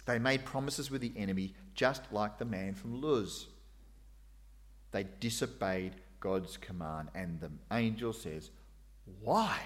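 A man's voice: on the low side, measured pace. A middle-aged man preaching a sermon, dramatizing God's questions with sudden raised, emphatic lines.

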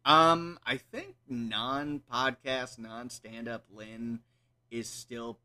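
A man's voice: mid-range voice, extremely slow. A man hosting a casual podcast from a couch at home, talking in a projecting, classic radio-style voice and joking around, often laughing. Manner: jokey, animated, laughs often. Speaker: podcast host.

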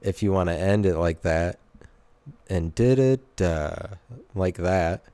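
Low, smooth-voiced rambling man. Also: takes it slowly, dark tone, no echo. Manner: self-interrupting, sardonic, restarts sentences. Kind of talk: rambling solo monologue.

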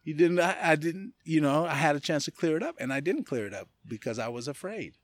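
A man from California, a podcast guest, telling a personal story in a loose, animated way and often laughing as he talks. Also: a little high, no echo. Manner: animated, acts out other people's lines in quick voices. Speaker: podcast guest, martial arts gym owner. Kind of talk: casual storytelling.

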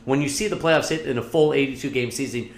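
A man's voice: mid-range voice, quick pace. A man co-hosting a casual chat, rambling and swearing freely and laughing often. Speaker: podcast co-host. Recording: echoey room with faint hum.

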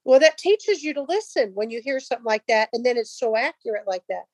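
A middle-aged woman telling a personal faith story in a casual way, acting out the people in it with lively voices. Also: on the high side, brisk, husky, no echo. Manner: animated, acts out dialogue in voices.

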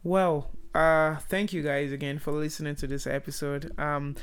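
A woman hosting a podcast, talking bluntly and teasing her guest. Her voice is smooth and clear, and she swears casually. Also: low-pitched, little pitch movement, moderate pace. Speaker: podcast host. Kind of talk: casual chat.

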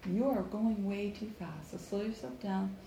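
A woman teaching a conversation class, explaining in lively bursts and acting out listener reactions, in an echoey room. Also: medium pitch, moderate pace, gravelly. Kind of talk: classroom coaching. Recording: echoey room with faint background noise.

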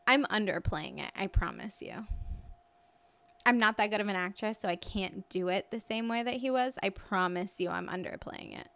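Bright-voiced woman telling a story. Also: mid-range voice, normal speed, gravelly. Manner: storytelling with laughs, acting out others. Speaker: podcast co-host. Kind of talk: casual chat.

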